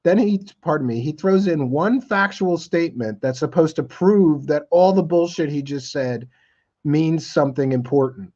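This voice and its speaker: A man's voice: a little high, moderate pace, mellow. A male host giving sarcastic, scornful commentary on a played clip. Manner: mocking, scornful. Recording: slightly dull lo-fi audio.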